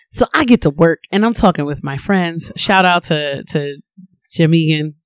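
A woman co-hosting a casual podcast, her voice swinging widely in pitch as she tells an animated story. She laughs often and acts out what people said. The recording is dry and close. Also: unhurried, no room sound. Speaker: podcast co-host.

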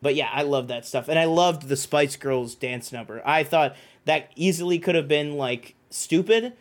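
A man co-hosting a podcast, talking in a rambling, animated way with plenty of fillers and restarts. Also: a little high, moderate pace. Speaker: podcast co-host. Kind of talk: casual chat.

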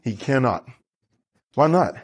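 A man preaching a lively sermon as pastor, asking the congregation questions and drawing answers back. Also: medium pitch, takes it slowly, husky. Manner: animated preaching with congregation call-and-response.

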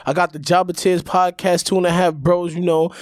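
Brief: brash New man, podcast co-host, a bit high-pitched, dry close mic. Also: a little fast, dry recording. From Brooklyn, New York. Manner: loud, animated, coaching a friend. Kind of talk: casual chat.

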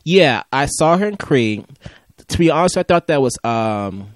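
Teasing man with a lively voice. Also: medium pitch, unhurried, dry recording, clean studio sound. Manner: teasing, laughs often. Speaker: podcast guest, host's brother. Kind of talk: casual chat.

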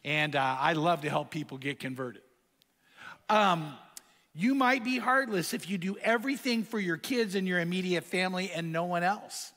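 Male preacher, high bright voice, lively storytelling, rhetorical questions, long hall reverb. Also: moderate pace. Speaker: pastor. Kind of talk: sermon.

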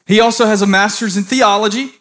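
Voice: medium pitch, steady tone, quick pace, a bit bright. A pastor delivering a sermon, telling a story to the congregation and building into fervent preaching.

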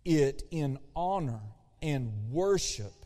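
Preacher, male, high pitched, animated, loud then hushed, recorded with hall reverb. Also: takes it slowly. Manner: animated, shifts between loud emphasis and hushed asides. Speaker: pastor. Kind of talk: sermon. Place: church sanctuary.

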